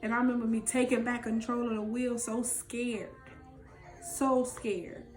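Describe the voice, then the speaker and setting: A woman's voice: fairly high pitch, flat delivery, a little slow, roomy sound, soft background music. A woman candidly telling her own story in a raw, emotional, profane way, as a vlog co-host.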